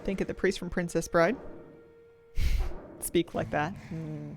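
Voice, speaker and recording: A woman's voice: on the low side, fairly even intonation, takes it slowly, gravelly, faint music behind. A woman, chatting casually as a game streamer, thinking aloud and laughing often. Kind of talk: casual gameplay commentary.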